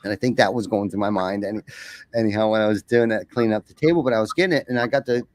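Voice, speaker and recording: Low-voiced man, rambling and candid. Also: racing, no echo. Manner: rambling, repeats words when starting sentences. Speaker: podcast guest. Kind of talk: casual conversation.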